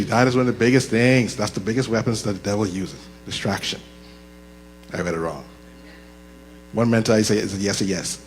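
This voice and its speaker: A man teaching a leadership workshop into a handheld microphone, chatty and joking, slowing down to make his points. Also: mid-range voice. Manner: conversational and joking, slows down deliberately. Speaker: leadership course instructor. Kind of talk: live workshop talk. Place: church room with audible echo. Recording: reverberant hall with mains hum.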